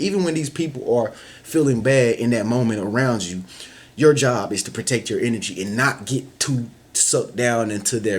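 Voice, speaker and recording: A man talking casually to camera with life advice, loose and slangy, often saying "you know what I'm saying" and acting out little scenes in other voices. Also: lowish voice. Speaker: vlogger giving advice. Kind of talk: casual motivational talk.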